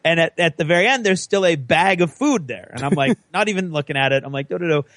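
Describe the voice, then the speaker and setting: Lively animated man telling a story. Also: a little high, quick pace, dry recording. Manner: animated, acts out quotes with laughs. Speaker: podcast co-host. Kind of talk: casual storytelling chat.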